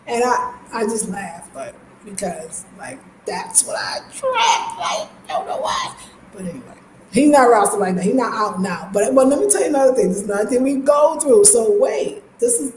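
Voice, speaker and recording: A woman in her fifties with an African American accent, talking in an animated, emphatic way as a lifestyle channel host, with laughs and casual swearing. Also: medium pitch, roomy sound, slight background noise, rough recording. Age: 50s. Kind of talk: casual monologue.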